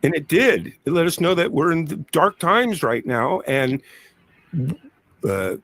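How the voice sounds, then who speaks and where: A man hosting a livestreamed card reading, speaking in slow, mystical phrases about energy and signs. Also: on the high side, very animated, fairly bright tone, no room sound. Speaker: card reader.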